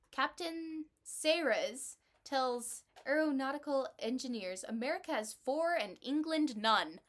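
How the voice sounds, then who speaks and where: A young woman co-hosting a casual podcast, reading old headlines out slowly and then commenting dryly. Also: high-pitched, lively intonation. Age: young adult. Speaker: podcast co-host.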